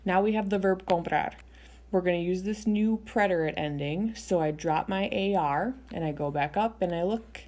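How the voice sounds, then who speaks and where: A woman's voice: on the low side, normal speed, darkish tone. A young adult woman teaching Spanish in a recorded video lesson, explaining step by step in a patient way with frequent ums.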